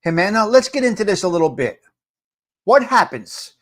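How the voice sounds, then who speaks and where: An older man hosting a live morning talk stream. He talks loudly and emphatically, greets chat viewers by name and repeats his points for effect. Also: sits high, very animated, moderate pace. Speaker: livestream host.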